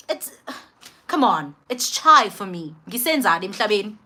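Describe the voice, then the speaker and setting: A young woman with a South African accent tells a personal story to camera in an animated, emphatic way, switching between languages mid-sentence. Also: medium pitch, normal speed. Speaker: vlogger. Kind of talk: storytime monologue.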